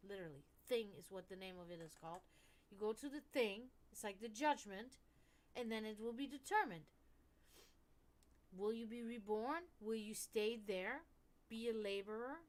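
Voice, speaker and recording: A woman with a fairly high voice hosts a casual stream chat. She talks frankly and rambles, full of swearing and false starts. Her voice drops into low murmurs and then jumps up loud when she gets heated. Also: normal speed. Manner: frank, profane and rambling, with many restarts. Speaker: stream host.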